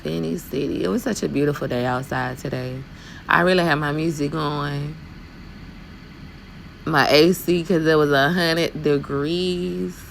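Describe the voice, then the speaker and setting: Gravelly Southern woman vlogging from her truck. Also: low voice, steady tone, measured pace, slight background noise, poor audio. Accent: Southern US, Alabama. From Alabama, US. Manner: talkative, sassy, addresses viewers as y'all. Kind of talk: casual chatty vlog while driving. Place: inside a truck cab while driving.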